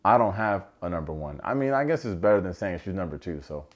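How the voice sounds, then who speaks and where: A man's voice: low voice, animated, fast. Joking, sarcastic man recapping a show. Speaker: TV recap reviewer. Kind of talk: casual comedic recap.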